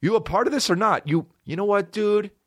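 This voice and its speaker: Cult leader put on by a male comic: high-pitched, furious, foul-mouthed. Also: a little fast. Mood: angry ranting. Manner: profane, yelling insults. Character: ranting male cult leader, shrill and hostile.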